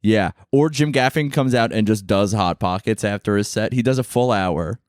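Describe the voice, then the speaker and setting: A man's voice: fairly low pitch, normal speed, no room sound, clean studio sound. A young adult man co-hosting a comedy podcast, swearing freely, talking over his partner and riffing off his jokes. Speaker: podcast co-host. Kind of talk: casual comedic banter.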